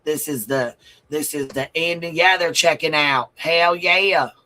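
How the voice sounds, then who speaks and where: A man's voice: on the high side, measured pace, bright, forceful tone, poor audio. A man giving blunt, profane livestream commentary, reading out viewer comments and repeating his points for emphasis.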